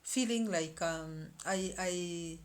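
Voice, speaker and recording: A woman in her fifties talking casually to camera as a vlogger, animated, with many repeated words and restarts. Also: on the low side, takes it slowly. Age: 50s.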